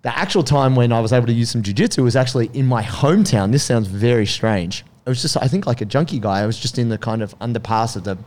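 A man's voice: medium pitch, fast talker, hardly any pauses. A man with an Australian accent, casually telling a story and acting out the voices in it. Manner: animated, acts out voices in anecdotes.

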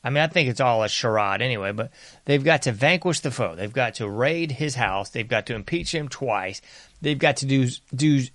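A man hosting a commentary show, talking in a sarcastic monologue that mocks bystanders and swings from loud to hushed. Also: mid-range voice, expressive, normal speed, no echo. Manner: sarcastic, mocking mimicry of bystanders; varies loudness a lot, sometimes dropping to whispers. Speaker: political commentary host.

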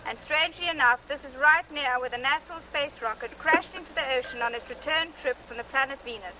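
A woman's voice: high voice, fairly quick, heavy background noise, natural voice. An actress playing an earnest female TV field reporter with a Long Island accent, in a stiff, formal news-report delivery. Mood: grave. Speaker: TV field reporter in a film clip. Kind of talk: low-budget film acting.

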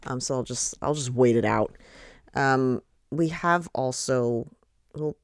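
Raspy, tired woman hosting a podcast. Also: very deep voice, slow pace, no room sound, studio quality. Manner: rambling, hesitant, many fillers. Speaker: podcast host. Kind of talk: casual chat.

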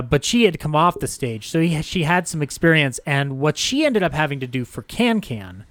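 A man's voice: a little high, dry recording. Man, podcast co-host, casual film-history chat, jokey, dry close mic. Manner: jokey, laughs often, throws in silly impressions.

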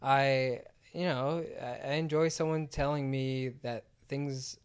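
A man's voice: mid-range voice, fairly even intonation, slow, smooth. A man chatting casually about films, rambling and filling his talk with "like". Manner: rambling, heavy use of "like". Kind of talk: casual chat.

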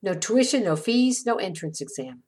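Brief: woman podcast host, reflective scripted essay, lively pitch movement, measured delivery. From small town. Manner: measured, reflective reading with dropping phrase ends.

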